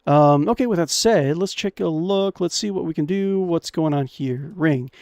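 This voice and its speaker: A man's voice: on the high side, moderate pace, no echo, clean studio sound. A young man streaming a fantasy adventure game, reading its text aloud and cracking crude jokes. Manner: excitable, jokey, reads game text aloud with crude asides. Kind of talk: casual gameplay commentary.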